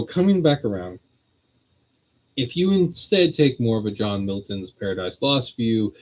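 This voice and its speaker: On a rough recording, a mid-range male voice leads a streamed religious discussion. He rambles in an easygoing, conversational manner and laughs frequently.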